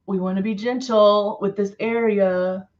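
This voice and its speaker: A woman's voice: medium pitch, steady tone, a little slow, darkish tone, lo-fi sound. A middle-aged woman hosting a live makeup demo, chatting casually, laughing often and reading viewer comments aloud. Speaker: live stream host.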